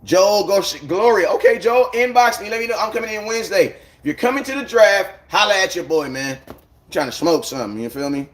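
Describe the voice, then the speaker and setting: A man's voice: high voice, animated, fairly quick. A man chatting casually on a live stream, rambling in loose slang and greeting viewers by name. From United States.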